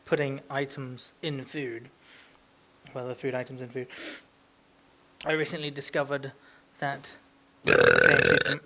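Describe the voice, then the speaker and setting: A young British man co-hosts an amateur podcast, chatting casually while he rambles, swears and rants about everyday annoyances, slipping into silly impressions. His medium-pitched voice is very animated, a little slow, creaky, pushed and bright, with a little hiss or hum in the audio.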